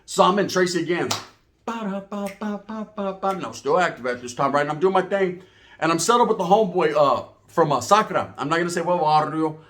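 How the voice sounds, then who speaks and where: A man telling a casual story in a profane, animated way, acting out the voices of other people as he goes. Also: on the high side, quick pace. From California.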